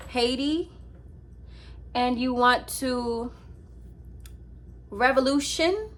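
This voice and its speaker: A young woman vlogging casually from her apartment at night, telling a rambling, animated story to her laptop with many fillers. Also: high-pitched, drawn-out words. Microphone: laptop with ring light.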